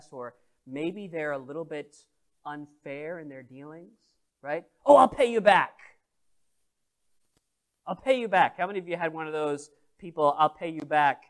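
A man preaching a sermon as pastor, telling a story and asking the congregation questions. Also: on the high side. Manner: animated, addresses the congregation directly.

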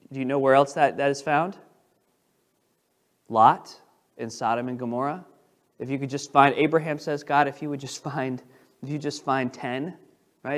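A male pastor delivers a sermon in an animated way, swinging between loud, emphatic stretches and quiet asides. He restarts and rephrases as he paraphrases scripture. His voice sits in a middle pitch for a man.

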